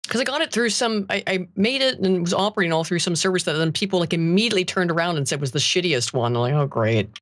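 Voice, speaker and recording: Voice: medium pitch, expressive, fast talker, hardly any pauses, a bit bright. A guest on a livestream chatting casually, with loose, trailing speech and offhand swearing. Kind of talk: casual chat.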